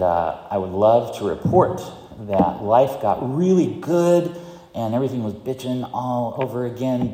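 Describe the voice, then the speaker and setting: At a recovery meeting, a middle-aged man shares a candid, self-mocking personal testimony, chuckling often. His voice is fairly low and mellow, with a roomy, big-room sound.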